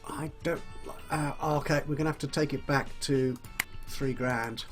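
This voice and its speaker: A man's voice: a little high, fairly even intonation, unhurried. A man casually commentating a management game he is playing, musing aloud and correcting himself as he goes. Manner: musing, self-correcting, chuckles often. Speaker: let's play host. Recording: faint music behind.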